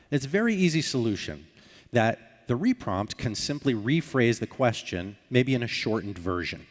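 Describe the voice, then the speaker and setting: A man's voice: mid-range voice, big pitch swings, moderate pace. A man giving a conference talk, explaining and acting out short sample dialogues. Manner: explanatory, acts out sample dialogues with filler sounds. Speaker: conference speaker. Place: conference hall. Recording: hall reverb.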